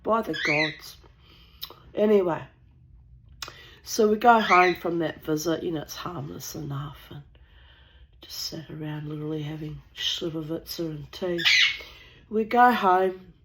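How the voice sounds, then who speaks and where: A woman's voice: deep voice, unhurried, pauses often, a little hiss or hum, poor audio. A woman from New Zealand telling a casual, rambling anecdote, blunt and sweary, with the odd cough.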